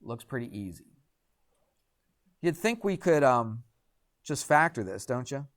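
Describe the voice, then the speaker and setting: A man's voice: medium pitch, very animated, a little slow. A man teaching a math class in a classroom, chatty and quizzing students with frequent questions. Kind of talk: classroom lecture.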